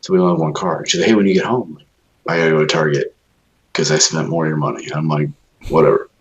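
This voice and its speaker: A man's voice: rumbling low, fairly even intonation, fast, dull audio, slight background noise. A man co-hosting a podcast, telling long profane stories in casual chat and acting out what others said. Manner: profane rambling storytelling, acts out quoted voices. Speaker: podcast co-host.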